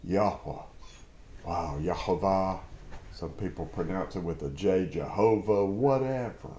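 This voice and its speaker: Slow, deep-voiced man teaching scripture. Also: dark tone, roomy sound, muffled recording. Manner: slow, reflective, with emphatic outbursts. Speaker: preacher. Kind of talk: devotional Bible teaching.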